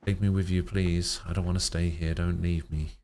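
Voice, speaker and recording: A man's voice: deep voice, flat delivery, moderate pace, a little mellow, a little hiss or hum. A man voicing a frightened, dying little girl who clings to her family and pleads tearfully. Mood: pleading.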